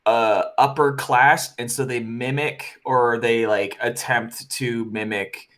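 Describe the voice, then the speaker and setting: A man's voice: mid-range voice, steady tone, takes it slowly, a bit bright. A man in casual chat who makes dry, joking remarks.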